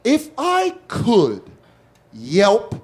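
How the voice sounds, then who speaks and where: High, lively male stand-up comedian. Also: drawn-out words, breathy edge. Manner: animated, self-mocking, acting out scenes.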